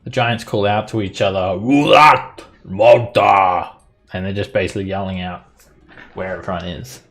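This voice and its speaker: A man running a tabletop game as dungeon master, narrating the action briskly and explaining the rules patiently. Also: deep voice, steady tone.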